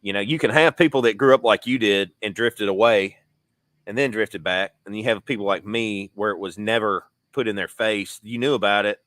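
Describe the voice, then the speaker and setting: A man's voice: on the low side, normal speed, fairly bright tone, no echo. A man co-hosting a casual faith podcast, rambling and reflective, with frequent restarts. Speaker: podcast co-host.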